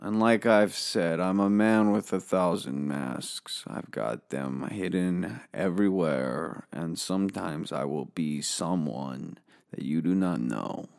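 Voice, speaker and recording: A man with a deep, gravelly voice drawls slowly through a comic tale. He is boastful and rambling and swears freely. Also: lively intonation, darkish tone. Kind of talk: comedic storytelling monologue.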